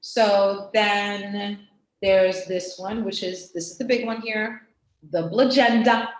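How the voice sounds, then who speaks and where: A woman with a New York accent, talking as a guest on a video-call interview in an animated, emphatic way. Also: mid-range voice, slow. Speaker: guest artist. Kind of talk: casual interview chat. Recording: roomy echo on a video call.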